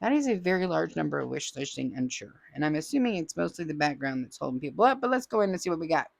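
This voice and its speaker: A woman's voice: sits low, big pitch swings, fast talker, vocal fry, no room sound. A woman hosting a crafting channel, reading out viewer comments in a casual, playful way with teasing asides.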